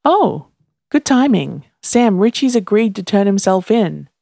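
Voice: medium pitch, very animated, unhurried, gravelly, dark tone, a little hiss or hum, pitched above the performer's own voice. A narrator reading a chatty male sidekick, slightly raised and upbeat.

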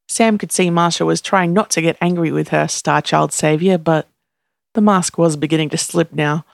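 A narrator reading a story aloud in a steady, even voice, doing every character themself. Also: mid-range voice, moderate pace, gravelly, dry recording, clean studio sound. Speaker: audiobook narrator.

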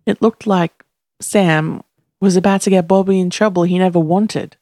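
Gravelly narrator reading a story, dry close mic, same voice for everyone. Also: medium pitch, moderate pace, no echo. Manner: reads every character in one steady voice. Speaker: audiobook narrator.

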